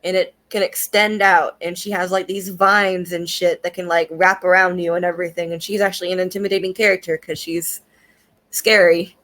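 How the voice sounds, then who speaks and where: A woman's voice: on the low side, flat delivery, normal speed, a bit bright. A young woman casually reviewing an anime, talking in a chatty, profane way and filling her sentences with "like" and "um.". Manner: chatty and profane, with frequent fillers and laughs.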